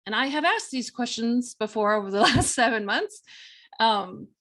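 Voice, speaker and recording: A woman hosting a talk show, telling a personal story in a chatty, animated way, full of fillers and quoted self-talk. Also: fairly high pitch, normal speed. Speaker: podcast host.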